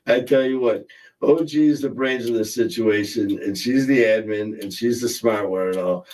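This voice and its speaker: A man's voice: medium pitch, steady tone, normal speed, a little mellow, recorded from a distance, poor audio. A man hosting a casual livestream, joking and rambling as he reads out viewer comments. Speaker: livestream host. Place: in a car.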